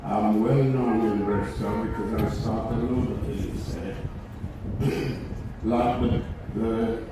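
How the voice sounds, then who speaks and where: Elderly man reminiscing, slow and rambling. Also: on the low side, steady tone, heavy background noise. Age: 80s. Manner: rambling, hesitant, chuckling. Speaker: invited guest storyteller. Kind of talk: casual spoken reminiscence. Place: outdoor community event. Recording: echoey, distant mic, loud music and crowd.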